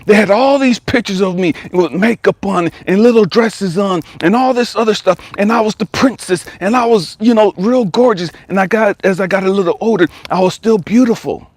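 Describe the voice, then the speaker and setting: A man's voice: high voice, moderate pace, hardly any pauses, darkish tone, no echo, voice pushed up. A man retelling the words of a tearful young woman. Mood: confiding. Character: tearful young woman confiding past abuse.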